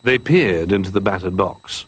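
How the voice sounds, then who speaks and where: A man reading a children's picture-book story aloud in an expressive, animated way. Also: deep voice, normal speed, slightly rough, dry recording.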